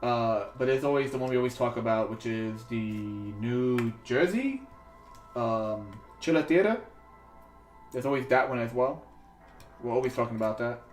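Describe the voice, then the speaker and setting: A man's voice: mid-range voice, normal speed. A man hosting a sculpting livestream, chatting casually as he works, rambling with many fillers and restarts. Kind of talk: casual chat while working. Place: home studio in New York. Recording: roomy echo, faint music behind.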